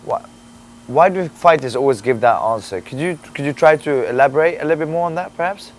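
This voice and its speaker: A man's voice: on the high side, brisk, slight background noise, pitched above the performer's own voice, lightly acted. A man from Sweden playing an awkward male sports interviewer who stammers and hesitates through his questions. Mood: earnest. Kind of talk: comedy sketch interview.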